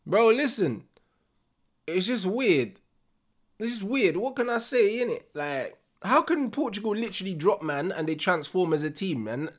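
A young man, reacting live to a football match with loud, slangy banter and frequent laughter. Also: sits high, expressive, normal speed.

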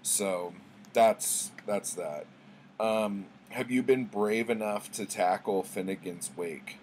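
A man's voice: sits low, slow, a little mellow, a little hiss or hum. A man doing a book-tag video, chatting casually in a rambling, jokey way with lots of fillers. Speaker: booktuber. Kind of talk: casual chat.

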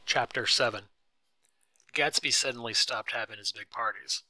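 A man giving a clear, steady scripted narration of a storybook. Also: medium pitch, normal speed, no echo, low-quality recording.

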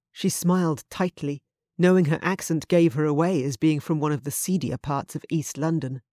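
A woman audiobook narrator reading a contemporary romance in an even, measured scripted narration. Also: low-pitched, no room sound, clean studio sound.

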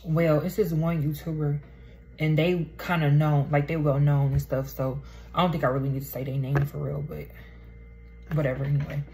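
Blunt low-voiced young woman ranting. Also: level tone, moderate pace, gravelly, dark tone, slight background noise, rough recording. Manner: blunt, slangy, swears freely. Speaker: vlogger. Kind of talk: casual mukbang vlog rant. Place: indoors at home, poor lighting.

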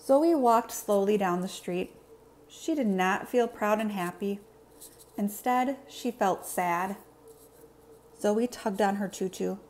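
A woman, a teacher, reading a children's story aloud with expressive, animated narration. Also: medium pitch, takes it slowly.

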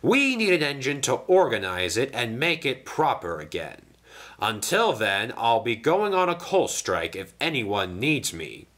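A man's voice: medium pitch, sing-song, measured pace, a bit bright. A man voicing a grumpy, pompous big express engine who splutters indignantly in a storybook reading.

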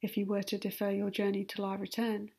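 Woman doing a smug young gent, mocking and confiding, flat whispered role-play. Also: mid-range voice, a little fast, creaky, slightly rough. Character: charming, sardonic young gentleman.

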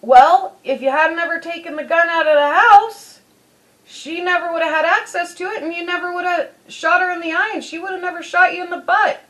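A woman acting out an angry father scolding a child, voice pitched up high and rushing along. the words tumble out fast and sharp while she tells the story. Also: fairly even intonation, lightly acted, low-quality recording.

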